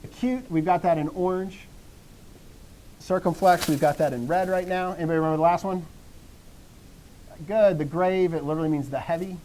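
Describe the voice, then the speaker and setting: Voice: medium pitch, steady tone, fairly quick, pauses often, mellow, a little hiss or hum, rough recording. A teacher giving a classroom lecture in a room with students, encouraging the class, often quizzing them and repeating key phrases. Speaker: Greek teacher.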